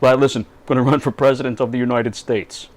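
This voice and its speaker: A man doing a rough impression of a boastful, brash male American tycoon-politician. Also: medium pitch, steady tone, fast talker, close to an everyday voice. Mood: eager. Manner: boastful, self-admitted crappy impression.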